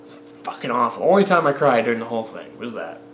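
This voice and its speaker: A young man chats on a home vlog, joking crudely in a loose, drawling way. His voice sits at a middle pitch. The room is echoey, with a faint hiss behind him. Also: sing-song, fast, fairly bright tone. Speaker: vlogger. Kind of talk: casual chat.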